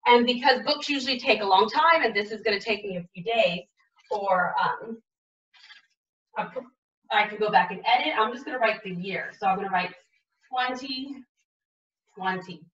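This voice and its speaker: A woman teaching a writing lesson to young children, modeling aloud and sounding out letters slowly and with exaggeration. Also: mid-range voice, a bit bright, reverberant, recorded from a distance, highs cut off.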